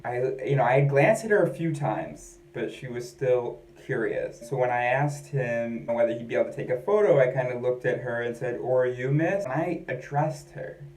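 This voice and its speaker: A man's voice: medium pitch, a little mellow, slight background noise. A man from the United States telling a personal story in a rambling, candid, self-questioning way. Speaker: vlogger. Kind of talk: personal monologue. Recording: echoey room.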